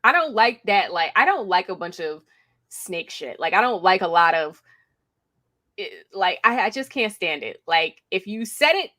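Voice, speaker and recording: A woman co-hosting a casual talk about reality TV, speaking at a middle pitch. She is opinionated and frank. She lays out her views at length in a relaxed, conversational flow. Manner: opinionated, drawn-out storytelling with mimicked quotes. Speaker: podcast co-host. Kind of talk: casual reality TV recap chat.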